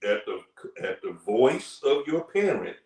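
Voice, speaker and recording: A man's voice: medium pitch, big pitch swings, slow, recorded from a distance, a crowd in the background. An older man co-hosting a casual podcast, speaking firmly and plainly about discipline. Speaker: podcast co-host. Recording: echoey room, voice off-mic.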